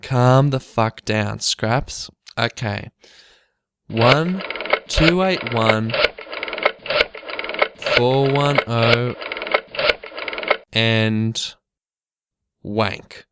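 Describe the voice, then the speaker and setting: A man's voice: mid-range voice, very slow, pauses often, very noisy. A man playing a grumbling, swearing prank caller in a comedy skit. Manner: grumbling, swears, spells words out.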